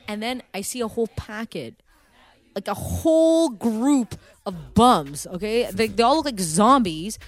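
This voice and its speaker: Animated woman telling a story with voices. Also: medium pitch. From Canada. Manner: animated, acts out voices, swears freely. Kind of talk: casual storytelling chat.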